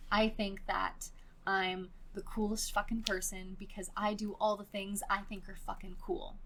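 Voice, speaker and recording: A woman's voice: medium pitch, a bit bright. A woman with a Californian Valley girl accent hosting a casual solo podcast, chatty and loose, filling her talk with "like" and casual swearing. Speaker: podcast host.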